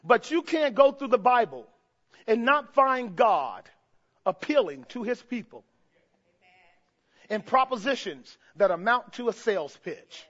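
A male preacher delivering a fervent sermon, swinging from hushed tones to shouts and putting rhetorical questions to the congregation. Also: extremely high pitch, very animated, measured pace, long pauses. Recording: dull lo-fi recording.

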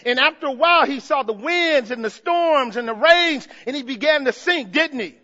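A man preaching a sermon with passion, moving from hushed low passages to loud shouted cries. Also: lively intonation, normal speed, long reverb tail, muffled recording. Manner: impassioned, swings from hushed to shouting.

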